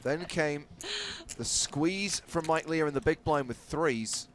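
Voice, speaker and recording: A man from London giving dry, measured play-by-play on a live poker broadcast. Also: a little high. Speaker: poker commentator.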